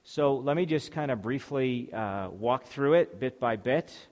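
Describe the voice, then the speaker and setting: A man's voice: mid-range voice, animated, measured pace, darkish tone. Man preaching in a reverberant hall. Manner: reads scripture then explains it step by step, with fillers and restarts. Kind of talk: sermon.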